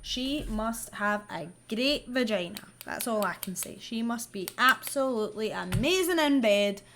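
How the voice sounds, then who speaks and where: A woman's voice: on the high side, lively intonation, a little slow, a bit bright, a little hiss or hum. Chatty, sweary woman. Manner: chatty, sweary, wry asides; doing her makeup while she talks. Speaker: vlogger. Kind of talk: casual true-crime storytelling.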